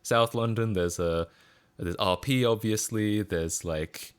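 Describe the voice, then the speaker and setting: Rambling Australian man, low voice. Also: slow pace, clean tone. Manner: rambling, self-deprecating, chuckles often. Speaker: streamer. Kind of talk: casual live-stream chat.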